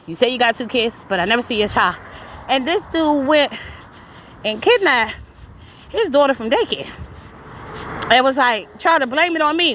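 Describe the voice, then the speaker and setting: A woman's voice: high voice, animated, moderate pace, long pauses, a bit bright, a little hiss or hum. A woman with a New York accent, out of breath while walking outdoors, talks bluntly and preachily to her viewers in a casual live stream. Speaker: spiritual vlogger.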